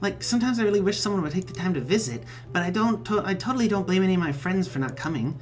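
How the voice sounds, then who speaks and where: A man's voice: high voice, animated, fast, pitched above the performer's own voice. A man voicing a lonely, eager young male bee troll with a buzzy voice who apologizes and pities himself. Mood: self-pitying. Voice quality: buzzy accent. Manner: eager, apologetic, self-pitying.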